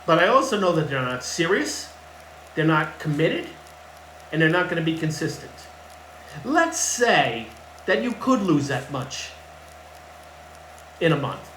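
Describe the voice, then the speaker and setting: A man's voice: on the high side, a bit bright, a little hiss or hum. A man working as a fitness coach gives casual advice to camera in a blunt, emphatic way and repeats his key points. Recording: echoey room with faint ambience.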